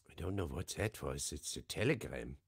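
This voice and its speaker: A man's voice: a bass voice, lively intonation, normal speed, husky, no echo. A man hosting a signing livestream, talking in a rambling, chatty, self-deprecating way at a desk microphone. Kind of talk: casual livestream chat.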